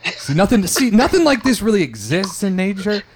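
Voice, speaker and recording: A man's voice: sits high, sing-song, normal speed, husky. A man co-hosting a casual comedy chat, laid-back, laughing often and playing along with the jokes.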